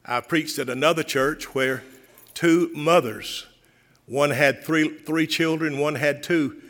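A man's voice: a little high, steady tone, slow pace, fairly bright tone, big-room sound. An older man, a retired pastor, preaching a sermon, telling a story and then making fervent appeals.

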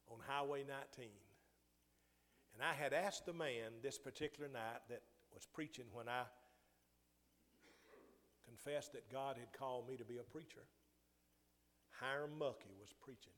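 An older man preaching a sermon, telling a personal story with restarts and rising emphasis. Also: medium pitch. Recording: long hall reverb.

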